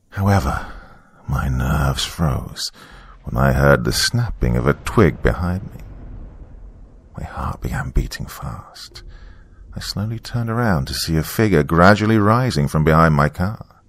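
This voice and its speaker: A man reading a first-person horror story in a measured, hushed storytelling manner. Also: a bass voice, no room sound. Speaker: narrator. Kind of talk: scripted horror narration.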